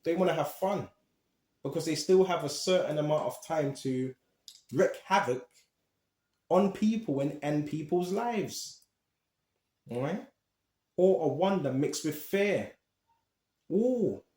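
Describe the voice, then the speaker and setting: A man preaching a Bible teaching, animated and emphatic, talking straight to his listeners. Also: on the high side, roomy sound.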